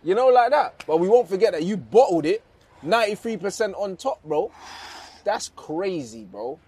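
A man's voice: high-pitched, lively intonation, normal speed, mellow, breathy edge. Taunting, slang-heavy man. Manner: scornful, swearing, taunting. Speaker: podcast co-host. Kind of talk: casual football banter.

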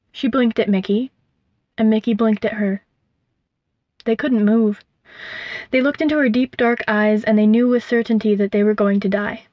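A woman reading a storybook aloud in a gentle, measured, vivid way, in a dull, dry recording. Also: on the high side, dry recording. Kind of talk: scripted storybook narration.

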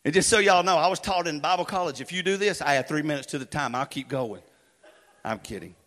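A pastor preaches in a church sanctuary, his high, sharp, bright voice trailing into a long hall reverb. He swings from loud urgency to hushed intensity and drops in joking, folksy asides. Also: quick pace. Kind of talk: sermon.

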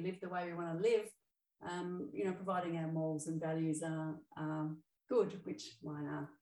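A woman's voice: on the low side, a little mellow, roomy sound, recorded from a distance, poor audio. A middle-aged woman hosting her own podcast as an emotional balance coach, talking in a chatty, upbeat way with fillers and self-corrections. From Australia. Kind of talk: solo podcast monologue.

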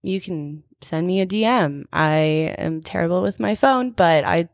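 Low, gravelly-voiced woman guest. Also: a little slow, dry recording, clean studio sound. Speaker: guest, terrain park builder. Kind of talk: casual podcast interview. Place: booth in a lodge bar.

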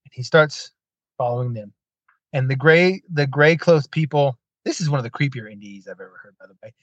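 Male podcast host, casual storyteller who acts out quotes with sarcastic asides. Higher-pitched, lo-fi dry recording. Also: fairly quick, no room sound. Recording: dull lo-fi dry sound.

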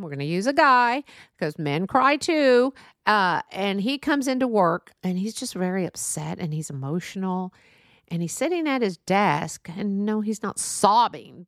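A woman's voice: medium pitch, fairly bright tone, dry recording, studio quality. A middle-aged woman hosting a solo podcast, talking earnestly and rambling off on tangents, then apologizing and coming back. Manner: earnest, many fillers and restarts. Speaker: podcast host. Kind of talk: casual solo monologue.

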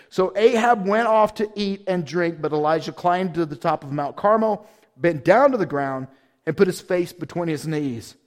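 High-voiced man preaching playfully. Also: moderate pace. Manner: playful, slangy asides between readings. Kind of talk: sermon with scripture reading.

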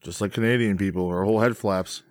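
A man's voice: fairly low pitch, steady tone, fast talker, no echo, clean studio sound. A man co-hosting a casual podcast, cracking crude, profane jokes. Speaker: podcast co-host.

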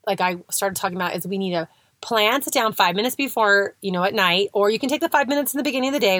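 A woman's voice: mid-range voice, fairly bright tone, no echo. Chatty motivational woman coach, dry sound. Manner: chatty, conversational, lots of "like" and "right?". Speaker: weight-loss coach. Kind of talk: casual motivational talk.

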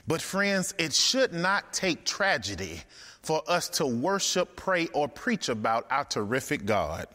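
A man's voice: fairly high pitch, big pitch swings, unhurried, pushed and bright, big-room sound. A man preaching a sermon, emphatic and rhythmic, repeating phrases for effect.

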